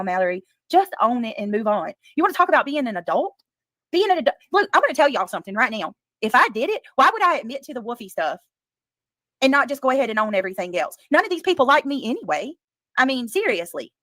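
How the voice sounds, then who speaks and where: A woman's voice: fairly high pitch, big pitch swings, fast talker, a bit bright, no echo. A woman on a livestream defending herself in an indignant, profane rant that keeps circling back to the same points.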